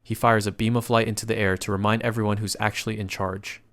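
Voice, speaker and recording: A man's voice: on the low side, flat delivery, fast, fairly bright tone. A man narrating a comic story recap in a scripted, casual and slangy retelling.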